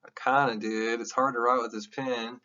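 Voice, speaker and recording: A male instructor giving a recorded classroom lecture in a loose, animated style, wandering into candid, jokey asides now and then. The sound is a little dull and lo-fi, as if recorded in a classroom. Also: medium pitch, normal speed. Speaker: college psychology instructor.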